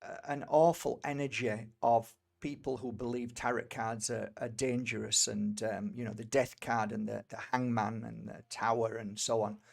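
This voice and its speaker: Gravelly British man telling a story. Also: medium pitch, flat delivery, moderate pace, hardly any pauses. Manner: rambling, with many fillers and restarts. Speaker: energy healer and tarot reader. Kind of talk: personal storytelling.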